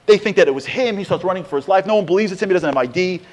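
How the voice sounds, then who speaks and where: A man's voice: high-pitched, very fast. A middle-aged man giving a storytelling sermon, acting out the quotes and building in intensity as he goes. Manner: animated storyteller, acts out quotes, rising intensity. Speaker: speaker giving a Torah talk.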